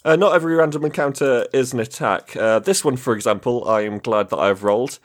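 A man's voice: medium pitch, fairly quick. Play a chuckling man running a tabletop game. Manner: playful, chuckling narration. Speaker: game master.

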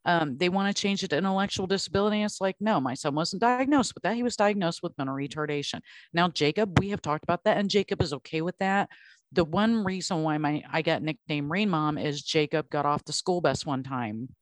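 A woman's voice: lowish voice, a little fast, no echo. Woman host, blunt and emphatic, casual chat, dry close sound.

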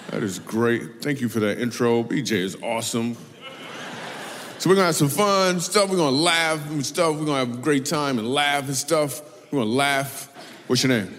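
A man's voice: a little high, fairly bright tone, a little hiss or hum. A man doing stand-up crowd work on a theater stage, playful and sarcastic with the audience. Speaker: stand-up comedian. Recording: live venue with reverb.

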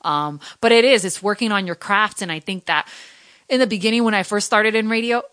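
A woman in her thirties from Connecticut, a radio host telling a story in fast, chatty studio talk. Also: medium pitch, a bit bright, no echo. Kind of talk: casual studio chat. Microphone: studio microphone.

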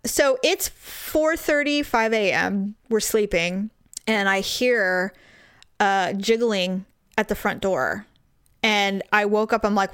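A woman's voice: fairly high pitch, normal speed, clear, resonant tone, dry recording. A woman telling a funny story in casual chat, laughing and acting out the people in it. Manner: animated, laughing, acts out voices in her story.

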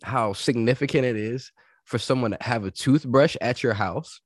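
A man co-hosting a podcast in casual chat, blunt and slangy, jumping in with quick reactions. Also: mid-range voice, no echo, clean studio sound. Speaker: podcast co-host.

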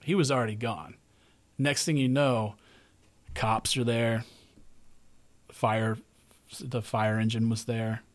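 A man's voice: medium pitch, steady tone, takes it slowly, long pauses. Man telling a rambling story. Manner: rambling, conversational, repeats himself. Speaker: podcast host. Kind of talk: casual storytelling.

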